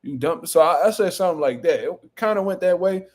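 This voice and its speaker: A man's voice: sits high, lively intonation, fast talker, a little mellow. A young man hosting a boxing channel, chatting casually on a livestream in a boastful, profane, rambling way.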